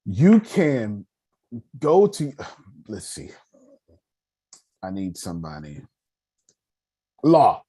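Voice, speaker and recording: Animated low-voiced man teaching money. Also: very slow, pauses often, slightly rough. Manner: animated, calls on listeners, joking, lots of restarts. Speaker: meeting host teaching personal finance. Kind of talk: casual teaching talk.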